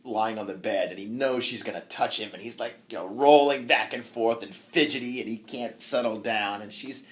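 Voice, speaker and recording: A man's voice: on the low side, normal speed. A man giving a university literature lecture who retells a story with animation, acts it out, and laughs often. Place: classroom.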